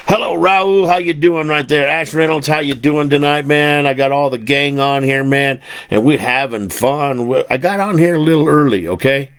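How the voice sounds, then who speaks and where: A man's voice: a little high, normal speed, hardly any pauses. A man hosting his own podcast in casual chat, rambling and folksy, with many fillers and restarts. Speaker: podcast host. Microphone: desktop podcast recorder mic.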